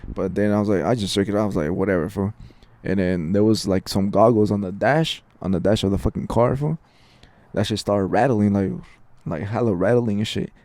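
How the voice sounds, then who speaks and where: Young man, low voice, mellow tone, slangy, profane, casual podcast storytelling. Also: fairly quick, no room sound. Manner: slangy, profane, says "fool" constantly. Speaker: podcast co-host.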